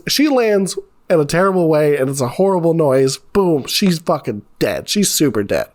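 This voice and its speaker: A man's voice: a little high, a little mellow. Profane, rambling man recapping a movie. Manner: profane, rambling, frequent "right?" and "like". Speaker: movie reviewer. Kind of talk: casual plot recap.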